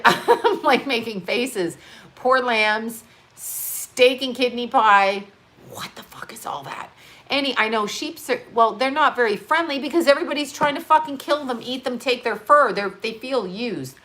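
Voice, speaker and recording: A woman's voice: mid-range voice, fairly bright tone. A woman hosting a casual live stream, rambling between topics, swearing freely and laughing as she talks. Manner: laughs often while talking. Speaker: livestream host. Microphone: on-camera mic.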